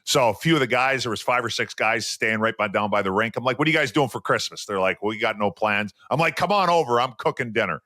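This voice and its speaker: Animated man telling hockey stories. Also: lowish voice, fast, hardly any pauses, dry recording, clean studio sound. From Western Canada. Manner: animated storyteller, acts out quotes. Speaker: podcast co-host, former hockey player. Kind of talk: casual storytelling.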